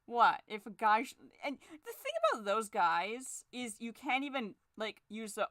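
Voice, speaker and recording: A young woman chatting casually while she draws, sarcastic, swearing freely, and jumping into shrill forced cheer. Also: measured pace, hardly any pauses, fairly bright tone, no echo, studio quality. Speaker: drawing vlogger. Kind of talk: casual chat while drawing.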